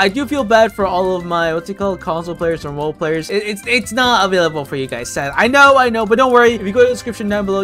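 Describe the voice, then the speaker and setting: A young man giving excitable, chatty commentary over his own gameplay as a gaming video creator, with frequent startled exclamations. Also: high-pitched. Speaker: gaming YouTuber.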